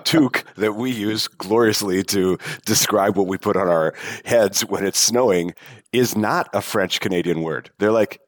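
A man telling a funny travel story in casual chat, animated and swearing freely. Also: fairly low pitch, moderate pace, no echo, studio quality. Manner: animated, swearing, mimics people in stories.

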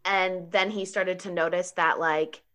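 Woman chatting about her life, lots of "like", laughs a bunch, bright crisp tone. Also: on the low side, a little slow. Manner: animated, laughs often, heavy use of 'like'. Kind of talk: personal storytelling in casual conversation.

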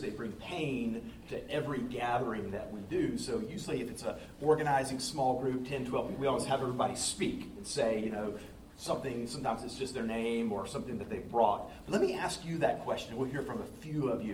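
A man's voice: medium pitch, fast talker, a little mellow, reverberant, far from the mic, a little hiss or hum, low-quality recording. Folksy man in his fifties preaching. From Southern US, North Carolina. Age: 50s. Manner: folksy, engaging the audience. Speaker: pastor, guest speaker. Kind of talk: talk to a congregation. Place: church sanctuary.

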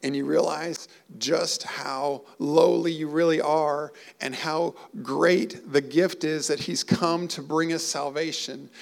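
Male pastor, gravelly, slightly high voice, earnest emotional sermon. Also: fairly even intonation, slow, hardly any pauses. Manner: earnest, emotional preaching with rising emphasis.

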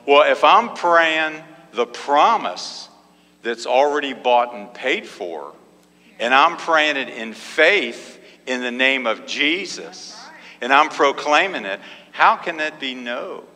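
A man's voice: mid-range voice, lively intonation, slow, bright, forceful tone, big-room sound. A man preaching a sermon in an emphatic call-and-response style, with frequent repeated exclamations.

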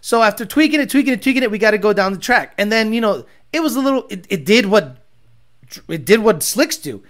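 A man's voice: sits high, expressive, fast talker, a bit bright. A man hosting a livestream, telling rambling stories and mocking his chat in a casual, profane way. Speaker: livestream host reading chat.

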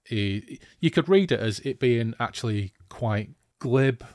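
A man's voice: mid-range voice, lively intonation, measured pace, a little mellow, no echo, clean studio sound. A man hosting a casual podcast discussion of a fantasy novel, who talks enthusiastically and thinks aloud.

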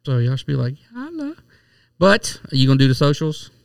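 A man's voice: medium pitch, little pitch movement, very fast, gravelly, a little mellow, clear, resonant tone, no echo, recorded from a distance. A man co-hosting a podcast in casual banter, teasing and profane. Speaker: podcast co-host.

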